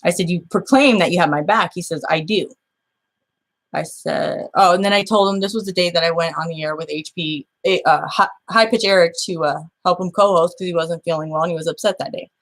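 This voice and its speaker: Speaking fairly quickly in a lowish voice, the show's host goes over a dispute by reading out old messages, blunt, aggrieved and liberally profane.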